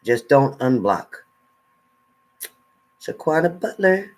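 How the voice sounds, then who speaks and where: A man hosting a casual tarot live stream, reading out viewers' names and comments. He talks slowly and unhurriedly, with a middle-pitched voice and sassy retorts. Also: big pitch swings.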